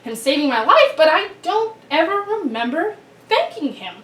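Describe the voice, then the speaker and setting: A woman plays a relaxed, good-natured king in a children's Bible story, chatting in a high voice. The sound is roomy and heard from a distance, with faint background ambience. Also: normal speed, heavily acted. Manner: casual, chatty storyteller phrasing. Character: ancient male king, easygoing, grateful.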